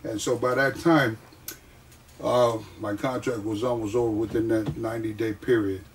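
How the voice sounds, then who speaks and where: A man telling stories from his wrestling career in a casual interview, animated and often laughing. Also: lowish voice, normal speed, recorded from a distance, slight background noise. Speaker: guest, wrestler.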